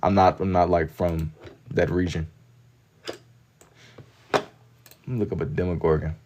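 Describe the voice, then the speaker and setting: Young guy streaming, real low voice, chill slangy banter w chat. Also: steady tone, unhurried, muffled recording, background noise. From Kentucky. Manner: laid-back slang-heavy banter, reading and answering chat. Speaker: livestreamer. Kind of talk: casual chat with live viewers while drawing.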